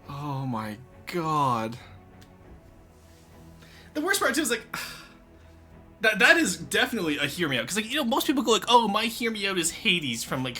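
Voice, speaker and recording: Excitable, lively, bright-voiced streamer. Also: mid-range voice. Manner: excitable, swears freely, breaks into loud laughing fits. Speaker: live streamer. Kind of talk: casual live-stream chat, reacting to chat messages.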